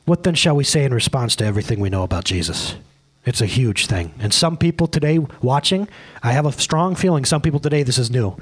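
A male pastor preaching a casual sermon, excitable and rambling, often laughing at himself. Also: mid-range voice, fast, breathy edge.

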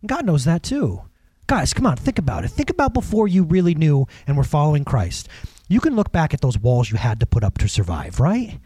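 A man's voice: on the high side, fairly quick, breathy edge, no echo. A man preaching a casual, conversational sermon, telling personal stories, acting out other people and chuckling along the way. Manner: animated storyteller, acts out other people, chuckles often.

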